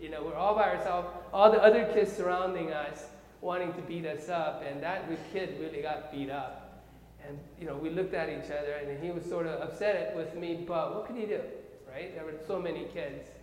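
Male preacher, Korean accent, lively storyteller who checks in with the crowd; recorded in a reverberant hall. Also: a little high, normal speed, slight background noise. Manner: animated storyteller, often checks in with "okay?" and "right?". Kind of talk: sermon storytelling. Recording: echoey hall with long reverb.

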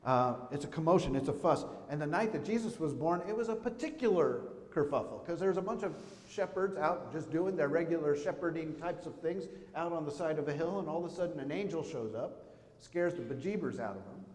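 Pastor guy preaching, kinda high voice, tells stories n asks the crowd stuff, big echoey church room. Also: fairly quick, hardly any pauses, darkish tone. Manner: storytelling, conversational, asks the congregation questions. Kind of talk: sermon. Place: church sanctuary. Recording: echoey church hall with a long reverb.

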